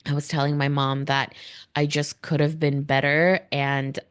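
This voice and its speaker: A woman's voice: deep voice, little pitch movement, measured pace, clear, resonant tone. A young woman hosting a spiritual podcast, talking casually and heartfelt, full of "like" and "you know". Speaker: podcast host.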